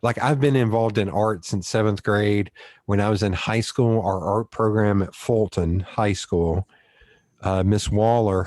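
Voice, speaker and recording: A man with a Southern accent hosting a casual conversational interview and telling rambling stories with quick asides. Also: on the low side, darkish tone, no echo. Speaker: podcast host.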